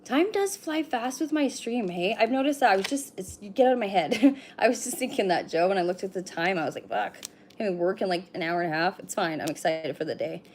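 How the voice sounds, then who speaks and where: A woman's voice: mid-range voice, lively intonation, brisk, slight background noise. A middle-aged woman giving a casual card reading on a livestream, chatty, swearing now and then, and talking straight to her viewers. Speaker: livestream oracle card reader.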